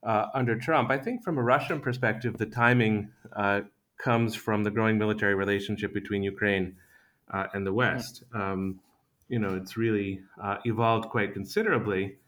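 A man giving analysis as a panel guest, calm and methodical, pausing often with "uh.". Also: on the low side. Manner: calm, analytical, frequent uh pauses. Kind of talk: discussion panel commentary.

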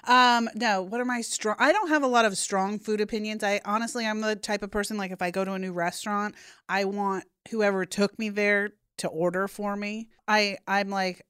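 A woman's voice: medium pitch, fairly even intonation, moderate pace, fairly bright tone, smooth, no room sound, clean studio sound. A woman from Iowa, a guest on a podcast, chatting casually and self-deprecatingly about food. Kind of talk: casual chat.

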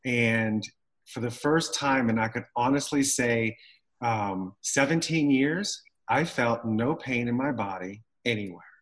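A middle-aged man telling a personal story in conversation, animated and acting out the voices of the people he quotes. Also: medium pitch, measured pace, low-quality recording. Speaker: guest telling his story.

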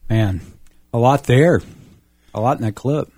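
A man's voice: medium pitch, unhurried, loud music behind the voice. A man hosting a faith-based discussion show, easygoing and conversational. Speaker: host.

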